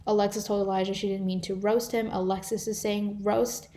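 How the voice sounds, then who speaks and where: Teen girl, volunteer tutor, mid-pitched, explains punctuation step by step on a computer mic. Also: little pitch movement, fairly quick, dark tone, slight background noise. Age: teens. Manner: explanatory, reads example sentences aloud. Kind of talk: online live class lesson.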